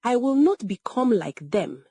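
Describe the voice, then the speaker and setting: A woman's voice: a little high, big pitch swings, a little slow, dark tone, slightly rough, dry recording, pitched above the performer's own voice, heavily acted. A woman voicing a wronged young daughter who pleads in a trembling voice in a story. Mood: resolute.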